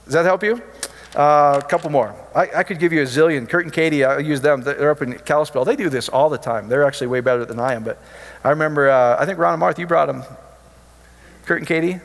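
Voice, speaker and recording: A man's voice: fairly high pitch, fast talker, creaky, long reverb tail. A man preaching informally, telling healing stories in a chatty, joking storytelling way. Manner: chatty storytelling, jokey asides. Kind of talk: informal sermon with testimonies.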